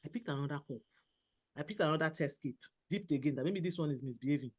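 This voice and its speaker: A woman from Nigeria, a doctor in her thirties, telling a personal story as a podcast guest, animated, often laughing and quoting herself. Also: low voice, quick pace, slightly rough. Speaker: guest, general practitioner.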